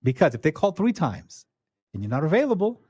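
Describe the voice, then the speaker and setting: A man talks quickly and steadily on a radio show, a guest official explaining procedures step by step. His voice is close and dry on a studio microphone, with no room sound around it. His manner stays practical and advisory. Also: fairly high pitch, very animated, dark tone, breathy edge, no room sound. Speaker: disaster agency official, guest. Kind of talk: casual radio interview.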